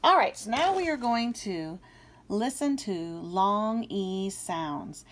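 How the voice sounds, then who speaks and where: A woman teaching a phonics lesson to young children, sounding out letters clearly and encouraging them. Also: medium pitch, very animated, a little slow, poor audio. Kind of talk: early-reading phonics lesson.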